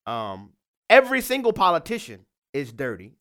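A man's voice: high-pitched, huge pitch swings, fairly quick, a bit bright. A man giving an impassioned political monologue, emphatic and fired up, repeating his points. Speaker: political commentator.

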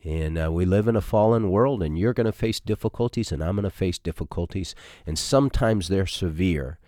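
Middle-aged male pastor, deep voice, dry recording; easygoing, conversational sermon delivery. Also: fairly quick, mellow, dry recording. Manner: conversational, folksy preaching with frequent fillers.

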